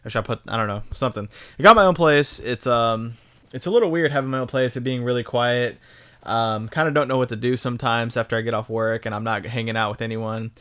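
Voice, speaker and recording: A man's voice: medium pitch, steady tone, fast talker, a bit bright, smooth. A young man from Texas talking in a casual, rambling way over gameplay as a gaming YouTuber, swearing often and filling gaps with ums and restarts.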